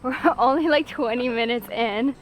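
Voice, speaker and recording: A woman's voice: fairly high pitch, normal speed. A woman travel vlogger chatting casually while hiking an outdoor trail, laughing often. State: out of breath from hiking.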